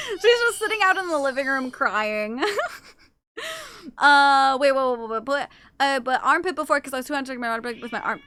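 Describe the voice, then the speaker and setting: A woman's voice: high voice, animated, brisk, sharp tone, dry recording. Woman, streamer, casual live chat, cooing baby talk, dry close sound. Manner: coos baby talk at her cats.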